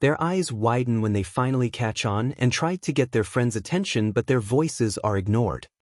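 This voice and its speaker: A man's voice: medium pitch, lively intonation, moderate pace, darkish tone, dry recording. Man narrating a fanfic, dry sound. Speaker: fanfiction reader.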